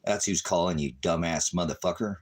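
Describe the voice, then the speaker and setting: A man ranting at his viewers on a livestream, cursing and taunting them, swinging between shouting and low muttering. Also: a little fast. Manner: angry, cursing, taunting, repeating insults. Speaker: ministry livestreamer. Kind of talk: profane livestream rant at viewers.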